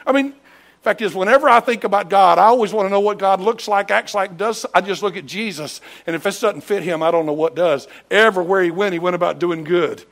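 A man preaching a sermon in a church, animated, acting out voices and shouting at peaks. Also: sits high, fairly quick, vocal fry. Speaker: pastor. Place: church sanctuary.

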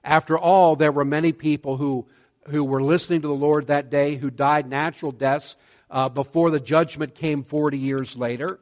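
A man preaching a sermon, earnest and measured, slowing down to stress key words. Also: fairly high pitch, fairly even intonation. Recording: long hall reverb.

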